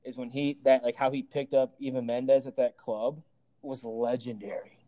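A man's voice: mid-range voice, level tone, moderate pace, warm tone. A man co-hosting a podcast in casual chat, joking and teasing with a brash, playful manner. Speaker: podcast co-host.

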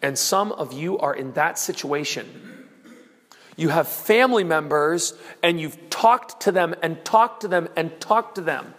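A man preaching a sermon, dramatic, acting out quoted voices and shouting out lines. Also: fairly high pitch, lively intonation, unhurried. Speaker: pastor. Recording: long reverb of a large hall.

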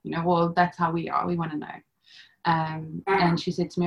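A woman's voice: fairly low pitch, completely flat delivery, normal speed, vocal fry, slight background noise. A young woman telling her own story as a podcast guest, chatty, with many fillers and bits of quoted dialogue. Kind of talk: personal storytelling.

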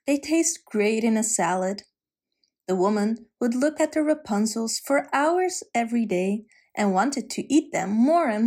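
A woman telling a fairy tale gently, with asides to the listener. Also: on the high side. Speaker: storyteller.

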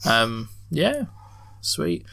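A young man chats on his podcast, telling a story with lots of swearing and laughter. His voice is bright and forward, at a middle pitch, and he talks into a headset mic. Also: very slow, gravelly. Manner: swears freely, laughs often, lively storytelling. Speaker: podcast host. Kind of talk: casual chat. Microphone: headset mic with headphones.

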